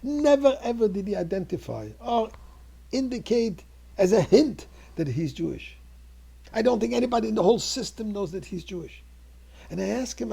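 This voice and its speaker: An older male rabbi preaches and tells a story in a low, gravelly, husky voice. His tone is dark and mellow. He speaks earnestly and builds to fervent peaks. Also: very animated, a little fast. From Montreal. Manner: earnest, rising to fervent exclamations. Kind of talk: storytelling sermon.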